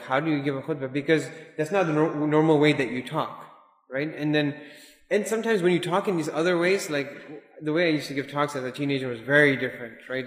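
A man giving an informal religious lesson, talking in a relaxed, digressive way and dropping in Arabic and Urdu terms. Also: a little high. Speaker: Islamic teacher. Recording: echoey hall with long reverb.

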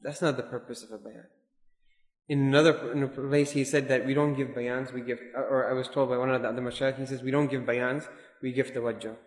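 Male religious teacher, chatty and digressive, mid pitch, roomy reverberant hall. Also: little pitch movement, fairly quick. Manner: conversational, digressive, mixes in Arabic and Urdu terms. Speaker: Islamic teacher. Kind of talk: informal religious lesson. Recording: echoey hall with long reverb.

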